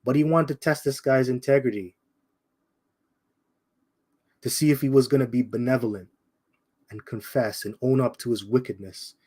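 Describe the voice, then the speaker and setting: A man teaching from scripture in a loose, streetwise way, calling out his listeners directly. His voice sits at an ordinary middle pitch for a man. He circles back to the same points and slows right down on the ones he wants to stick. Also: steady tone, darkish tone, husky. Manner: repeats points, slows down for emphasis. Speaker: bible teacher. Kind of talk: informal scripture commentary.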